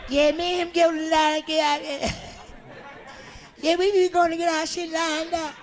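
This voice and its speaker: A man doing stand-up comedy, bantering loudly and profanely with the audience in a club. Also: very high-pitched, level tone, moderate pace, a faint crowd. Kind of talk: stand-up crowd work.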